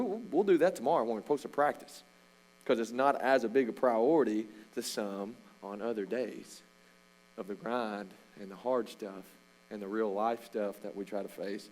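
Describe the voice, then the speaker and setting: Lively coach preaching in church. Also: male voice, fairly low pitch, low-quality recording. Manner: storytelling, animated, with loud shouted bursts. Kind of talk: informal sermon talk.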